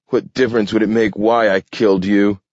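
A man playing a determined grown man who speaks briskly and insistently. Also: fairly low pitch, level tone, darkish tone, no echo, dull audio, pitched above the performer's own voice, natural voice. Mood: earnest.

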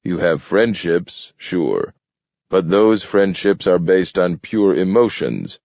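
A man doing a sly, self-assured mutant who drawls mildly and mocks under his breath. The voice sits very deep and low-key. The read is dry and somewhat dull in tone. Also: animated, slow, gravelly, darkish tone, no room sound, heavily acted. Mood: easygoing. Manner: mild, easygoing and mocking. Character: sly, amused male mutant, self-sufficient. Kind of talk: audiobook character voice.

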